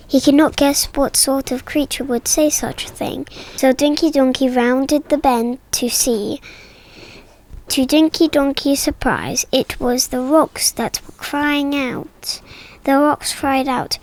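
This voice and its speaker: Woman narrator, storybook reading, gentle and soft, high voice, slow pace.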